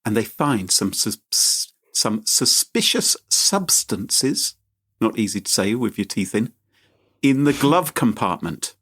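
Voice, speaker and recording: Animated man telling a story. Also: fairly low pitch, slow pace, breathy edge. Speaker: podcast host. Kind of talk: casual chat.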